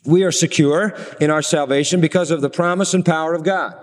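A middle-aged man preaching a sermon, slowing down for emphasis and asking the congregation rhetorical questions. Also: a little high, fairly even intonation, in a large hall.

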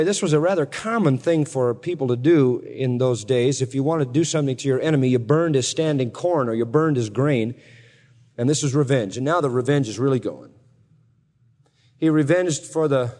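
A man's voice: medium pitch, lively intonation, moderate pace, a little mellow. A man teaching a Bible passage in a sermon, telling the story in a conversational, wry way with asides to his listeners. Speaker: pastor. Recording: long hall reverb.

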